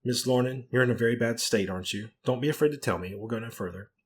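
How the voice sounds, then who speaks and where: A man voicing a forceful, indignant middle-aged woman, the rector's wife, who speaks insistently. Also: mid-range voice, lively intonation, fairly quick, slight background noise, natural voice. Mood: forcible. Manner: insistent and forcible.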